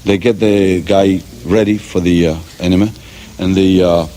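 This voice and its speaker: A man from Cuba telling jokes in an animated way, pausing on fillers. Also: deep voice, poor audio. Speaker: joke teller.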